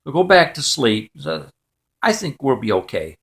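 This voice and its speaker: A man voicing a worried father who calms his son in a soft, hushed way. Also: medium pitch, moderate pace, voice pushed down. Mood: reassuring. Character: worried, reassuring middle-aged father.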